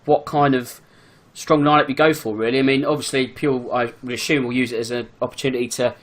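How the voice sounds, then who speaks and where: Bloke rattling off football chat quick, lots of likes and fillers, mid pitch. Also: male voice, fairly even intonation. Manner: quick, chatty, full of fillers. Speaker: podcast guest, football fan. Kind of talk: casual chat.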